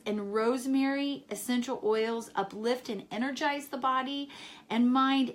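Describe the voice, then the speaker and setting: A woman on a live stream from home, talking to viewers in a warm, encouraging way and repeating her key phrases. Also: a little high. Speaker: wellness vlogger selling essential oils. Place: home in Chicago, indoors.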